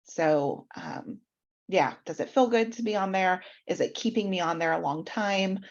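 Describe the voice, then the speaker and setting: A woman's voice: lowish voice, moderate pace, highs cut off. A woman hosting an online workshop, explaining website feedback step by step with frequent ums, over a video call. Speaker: mentor reviewing websites.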